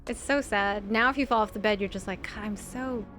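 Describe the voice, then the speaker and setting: A woman's voice: medium pitch, quick pace, fairly bright tone, faint music behind. A young adult woman giving casual, chatty let's-play commentary, giggling often and filling her talk with "like". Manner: chatty and giggly, full of "like" fillers. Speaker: video game streamer.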